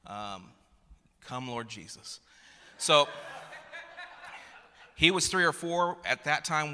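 A man's voice: mid-range voice, pushed and bright. A man in his thirties preaching a sermon, telling a funny family story with frequent restarts and repeated words. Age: 30s. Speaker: pastor. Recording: long reverb of a large hall.

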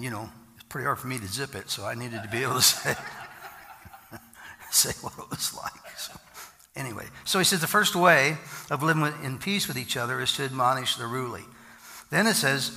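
Gravelly folksy preacher in a reverberant hall. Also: male voice, mid-range voice. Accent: American. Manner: folksy, joking, rising to loud emphatic bursts. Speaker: pastor. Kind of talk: sermon.

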